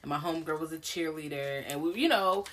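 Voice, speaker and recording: A woman's voice: low-pitched, fast talker. Profane young woman chatting casually. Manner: frank, profane, animated storytelling. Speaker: podcast co-host. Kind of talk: casual chat.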